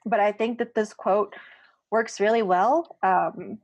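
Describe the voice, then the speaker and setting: A woman's voice: mid-range voice, fairly even intonation, slow, a little mellow, dry recording, dull audio. A woman co-hosting a podcast roundtable, speaking earnestly and close to tears, often repeating words. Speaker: podcast co-host. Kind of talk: emotional roundtable chat.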